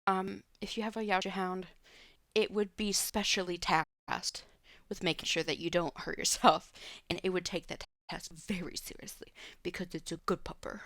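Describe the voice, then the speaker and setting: A woman's voice: on the low side, little pitch movement, moderate pace, fairly bright tone, no room sound, clean studio sound. A woman streamer at home, answering viewer questions in a loose, rambling way with many fillers and restarts. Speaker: live streamer. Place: home room.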